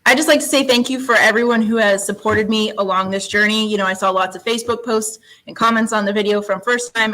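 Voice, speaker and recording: A woman's voice: mid-range voice, fairly bright tone, poor audio. A woman guest who teaches science, chatting in an interview with an upbeat, storytelling manner and frequent laughs. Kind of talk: casual interview chat.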